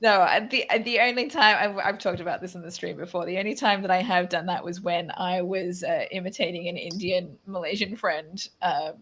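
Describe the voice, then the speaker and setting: A woman's voice: lowish voice, brisk, hardly any pauses, fairly bright tone, a little hiss or hum. An Australian woman hosting a casual chat, talking loosely with many restarts and laughing often. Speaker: podcast host.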